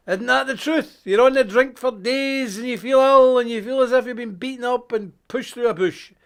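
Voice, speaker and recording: A high-voiced man runs a live stream, delivering a relaxed, joking sermon full of energy. He swings between loud emphasis and quiet asides.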